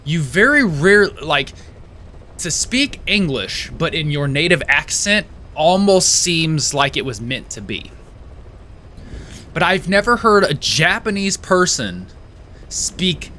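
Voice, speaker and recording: A man comments on his gameplay in a loose, rambling way, swearing and drifting into tangents with constant restarts. His voice is bright and forceful and sits somewhat high. A faint hum of noise runs under the recording. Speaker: let's play gamer.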